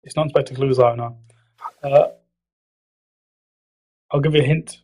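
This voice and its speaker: A man's voice: steady tone, a little slow, darkish tone. A man hosting a casual podcast chat, rambling, giggling and swearing, slipping into mock impressions. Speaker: podcast host. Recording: low-quality audio.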